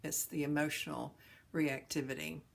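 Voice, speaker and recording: Low-voiced woman telling a teaching tale. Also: level tone, moderate pace, gravelly. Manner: gentle, folksy storyteller with chuckles. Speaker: host and teacher of a philosophy of ease. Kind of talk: storytelling talk on suffering.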